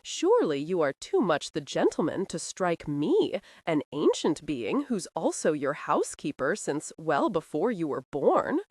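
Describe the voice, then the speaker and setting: A woman's voice: deep voice, sing-song, measured pace, few pauses, a little mellow, no echo, clean studio sound, exaggerated voice. A woman voicing a fussy, very old male housekeeper who speaks in a prim, reproachful, formal way in an audiobook.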